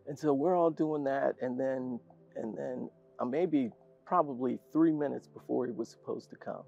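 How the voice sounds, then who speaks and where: An older man, a guest in an interview, telling an animated story and laughing often. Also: mid-range voice, moderate pace, gravelly. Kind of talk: storytelling anecdote in conversation. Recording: dull lo-fi sound.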